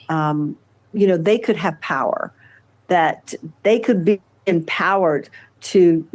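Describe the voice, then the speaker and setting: An older woman speaks as an interview guest in a somewhat low voice. She talks haltingly, with frequent fillers and restarts as she recounts things. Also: darkish tone. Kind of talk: conversational interview.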